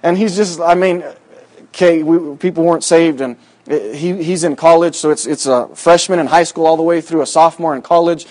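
Male pastor with a raised pitch, chatty and rambling, drifting from anecdote into scripture in church. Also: normal speed, a little mellow. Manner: folksy, rambling storytelling with many fillers. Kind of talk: sermon with personal story.

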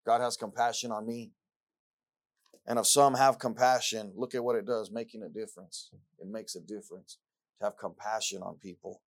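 A male pastor preaching a sermon in an earnest style, repeating scripture lines for emphasis and rising from quiet reflection to loud excitement. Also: on the low side, moderate pace.

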